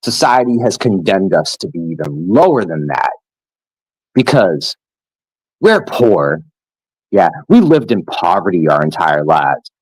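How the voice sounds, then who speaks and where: A man's voice: sits low, very animated, unhurried, slightly rough, no echo, rough recording. A man ranting angrily and profanely to his viewers in a scornful vlog tirade. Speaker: vlogger. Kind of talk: angry rant to camera.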